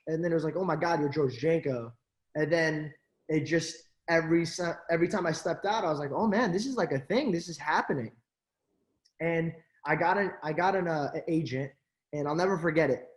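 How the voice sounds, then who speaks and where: Young male interview guest, lively chatty storyteller, a bit high-pitched, roomy echo. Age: young adult. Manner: animated, acts out quoted friends, many fillers. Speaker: interview guest, actor and social media creator.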